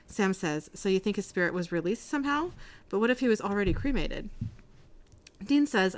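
A woman talks through a TV episode recap she wrote herself, quoting the characters' lines as she goes. Her pitch sits in a middle range, and the talk is casual and friendly, with her co-host close by. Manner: reads quotes from her written recap, giggly.

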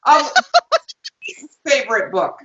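A woman's voice: a little high, wildly swooping pitch, drawn-out words, pushed and bright. A woman hosting a podcast over a video call, playful and laughing often. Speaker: podcast host. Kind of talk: casual podcast interview. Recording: roomy, dull lo-fi call audio.

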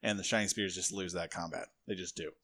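A man's voice: deep voice, steady tone, fast talker, fairly bright tone. A man hosting a podcast in casual chat, blunt and analytical with some swearing. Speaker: podcast host.

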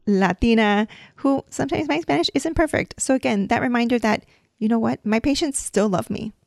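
This woman, a dental hygienist from a Mexican family raised in the United States, teaches dental Spanish in a casual podcast lesson, patiently giving examples and saying "um" and "like" a lot. Her voice is fairly high, brisk, gravelly and a little mellow. The recording is studio quality with no room sound.

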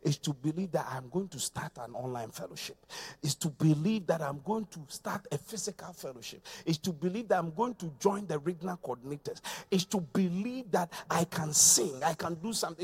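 Lively high-voiced man preaching. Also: fairly quick, breathy edge. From Ghana. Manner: swings between shouting and low quiet delivery, repeats phrases. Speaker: pastor. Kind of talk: sermon.

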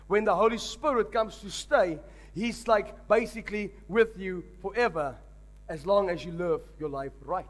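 A high-pitched man preaching a sermon as pastor. He drives points home with repetition and rising emphasis, urging the congregation to answer back. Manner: emphatic preaching with call-and-response.

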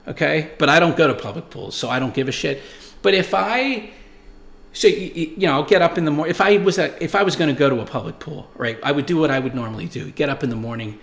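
Guy in his 40s ranting and rambling, swears a lot, kinda high voice, echoey room. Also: gravelly, fairly bright tone. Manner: rambling, profane, emphatic storytelling. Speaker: show host reading viewer comments. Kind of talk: casual monologue.

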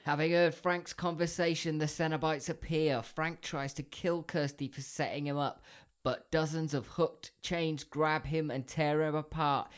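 A man's voice: a little high, steady tone, a little slow, clean tone. Jokey man recapping a film plot. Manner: jokey, laughs often. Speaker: podcast co-host. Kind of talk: casual chat and plot recap.

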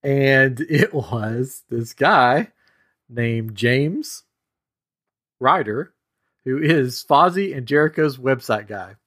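A man co-hosting a casual podcast, chatty and storytelling. His voice sits at an ordinary middle pitch. He chuckles at himself as he goes. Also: takes it slowly, fairly bright tone. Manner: chatty, storytelling, self-amused. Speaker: podcast co-host. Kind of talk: casual chat.

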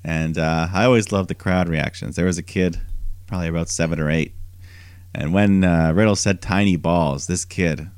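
A man's voice: normal speed, clear, resonant tone, no echo. A man co-hosting a podcast, recapping a wrestling show in a casual, storytelling way. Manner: animated storytelling, mimics quoted wrestlers in higher voice. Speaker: podcast co-host.

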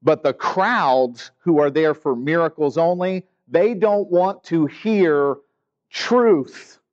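Man, pastor, sermon, fairly high voice, muffled lo-fi recording. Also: slow. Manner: animated, acts out the grumbling disciples. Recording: dull lo-fi sound.

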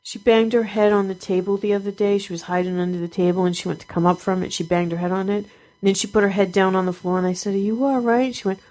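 A woman's voice: mid-range voice, fast, rough recording. A woman in her thirties chatting casually as a podcast co-host and mother, telling stories with animation and laughing. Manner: animated storyteller, laughs while talking. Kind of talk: casual chat.

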